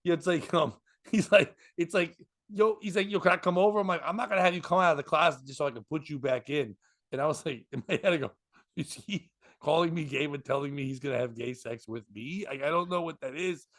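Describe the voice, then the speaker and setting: A man's voice: a little high, a little fast, a bit bright. A man hosting a podcast who tells a story casually, laughs through it, acts out other people's lines and swears freely. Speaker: comedian and podcast host.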